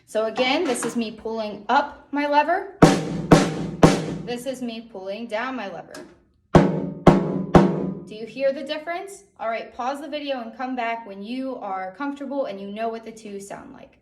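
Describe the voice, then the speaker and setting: A woman's voice: fairly high pitch, normal speed. A young woman music teacher giving an online drum lesson for children, encouraging and checking in with a frequent "okay?". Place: music room. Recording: echoey room, drum hits.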